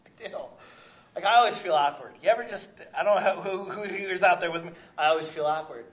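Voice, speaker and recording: Male pastor, sermon, loudmouth conversational delivery, slightly high voice, muffled lo-fi sound. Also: quick pace. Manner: loud, conversational preaching with frequent "right?" asides.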